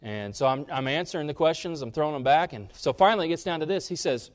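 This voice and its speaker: A man preaching a sermon, rising sharply in pitch and loudness on key points and dropping low between them. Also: lively intonation, quick pace. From Kansas. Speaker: pastor.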